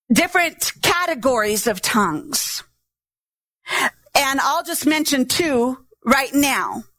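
A woman's voice: sits high, a bit bright, no echo. A middle-aged woman pastor preaching a sermon, teaching patiently and sounding out syllables to demonstrate.

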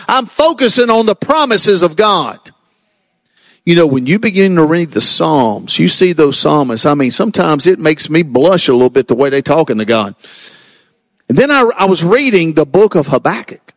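A man preaching a sermon as a pastor, swinging between slow dramatic lines and quick asides. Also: high-pitched, expressive, no echo, clean studio sound.

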